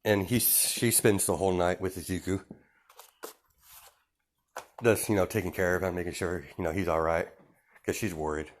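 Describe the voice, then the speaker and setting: A man's voice: low voice, fairly even intonation, moderate pace, pauses often. A man improvising a fan story aloud, rambling with many fillers and self-corrections.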